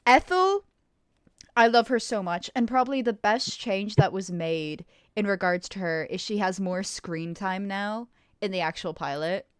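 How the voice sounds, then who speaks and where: A young woman hosting a casual livestream Q&A, excitable and quick to laugh, swearing freely. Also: medium pitch, clean tone, dry recording, studio quality. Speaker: streamer hosting a Q&A.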